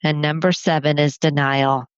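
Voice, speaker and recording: A woman hosting a podcast as a family therapist, talking earnestly and encouragingly, counting off her points slowly. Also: deep voice, level tone, clean tone, no room sound, muffled recording. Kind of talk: solo podcast talk.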